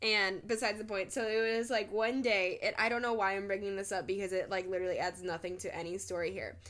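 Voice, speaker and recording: A woman's voice: medium pitch, fairly even intonation, quick pace, fairly bright tone. A young woman co-hosting a podcast, telling college stories bluntly with a lot of swearing and laughter. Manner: blunt and profane, laughing as she talks. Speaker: podcast co-host. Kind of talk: casual storytelling chat.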